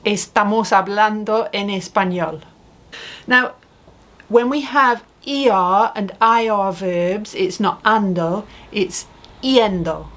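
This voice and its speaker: Woman, teacher, slow and patient, mid-pitched voice, asks questions and models phrases. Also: fairly bright tone. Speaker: Spanish teacher. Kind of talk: slow spoken language lesson.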